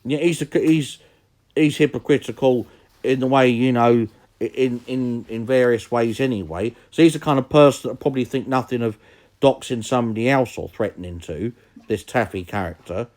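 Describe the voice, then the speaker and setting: A man's voice: mid-range voice, normal speed, darkish tone. Rambling, indignant male commentator. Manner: rambling, indignant, many restarts. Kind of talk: casual commentary.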